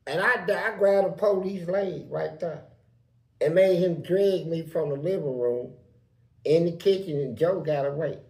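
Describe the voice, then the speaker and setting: A man with a Southern US accent telling prison stories in a loose, animated way, acting out voices in the quotes. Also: on the high side, creaky, roomy sound. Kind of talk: casual storytelling.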